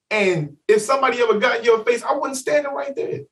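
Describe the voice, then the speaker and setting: High, animated man telling a story. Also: brisk, recorded from a distance. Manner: animated, profane, acts out quotes. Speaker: podcast co-host. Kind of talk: casual chat, storytelling.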